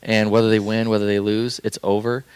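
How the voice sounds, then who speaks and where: A young man recounts a turning point in his life in a casual, heartfelt way. His voice sits low and sounds smooth and clear. He wanders through fillers and restarts, and the sound is dry and close with no room around it. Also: level tone, a little fast, no echo. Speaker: podcast guest sharing his faith story. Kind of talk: casual personal storytelling.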